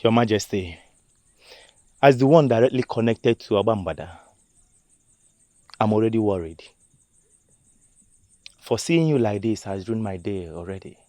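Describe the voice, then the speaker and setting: A man's voice: lowish voice, animated, a little slow, pauses often, dark tone, no echo. An actor with a Nigerian accent playing a loyal, earnest seer who serves a troubled king, speaking deferentially. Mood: concerned. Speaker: spiritual adviser to the king.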